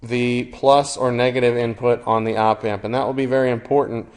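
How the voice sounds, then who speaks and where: A man's voice: mid-range voice, level tone, a little fast. A man lecturing on electronics, explaining steadily with occasional fillers. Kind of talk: recorded engineering lecture.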